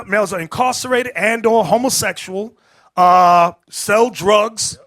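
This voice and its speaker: A man teaching a Bible class, preaching emphatically, calling out to the room and rising to shouts, with casual street-style asides. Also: high voice, a little slow. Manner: animated and emphatic, calls out to the room, rises to shouting.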